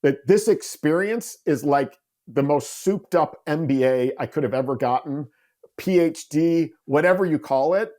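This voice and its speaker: A man in his forties, a podcast guest, telling stories in an animated way and acting out quoted dialogue. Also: on the high side, measured pace. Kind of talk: storytelling interview talk.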